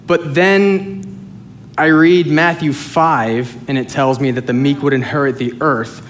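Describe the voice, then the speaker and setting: A male pastor preaching a sermon, animated and joking, swinging between loud and soft. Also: on the high side, slight background noise. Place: church sanctuary with congregation.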